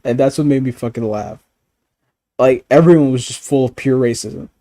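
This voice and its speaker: A man's voice: medium pitch, normal speed, warm tone. A man talking casually, rambling with stammered restarts, frequent swearing and bursts of laughter. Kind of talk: casual chat.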